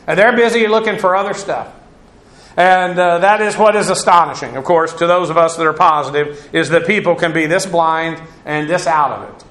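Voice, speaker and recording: A man's voice: high voice, a bit bright, reverberant. A man teaching through a Bible passage verse by verse, in a conversational, digressive way with asides on Greek grammar.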